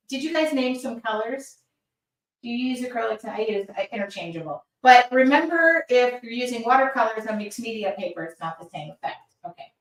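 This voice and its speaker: Her voice is a little high and fairly bright, caught by a distant mic in a roomy space that leaves her somewhat off-mic. She hosts a live art demo, chatting casually and voicing viewer comments while she paints.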